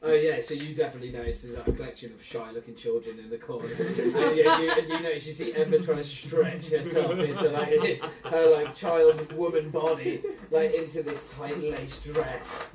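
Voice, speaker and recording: A casual male game master describes scenes for his players, chatty and full of fillers. His voice sits a little high. The recording is roomy and distant, with talk in the background. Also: fairly even intonation, normal speed, hardly any pauses, a crowd in the background. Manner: casual, laughs often, lots of fillers. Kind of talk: narrating a tabletop game.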